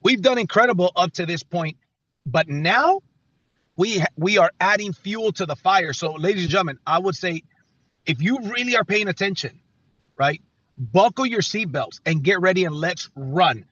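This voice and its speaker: A man's voice: sits high, animated, moderate pace, fairly bright tone, slightly rough, muffled recording. A man leading a team call with an emphatic motivational pep talk, repeating phrases and restarting sentences. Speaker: company leader on a team call.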